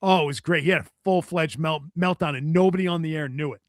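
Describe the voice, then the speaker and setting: A man with a high voice spins an animated story in casual chat, laughing often and slipping into the voices of the people he describes. The sound is close and dry, with no room around it. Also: fast, no echo. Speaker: podcast guest.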